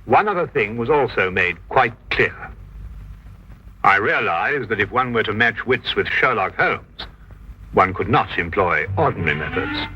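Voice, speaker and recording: An actor narrating as Dr. Watson, a reflective Victorian doctor, in measured scripted narration. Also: male voice, on the low side, lively intonation, sharp tone, slightly rough, full character voice. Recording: dull lo-fi 1950s TV soundtrack.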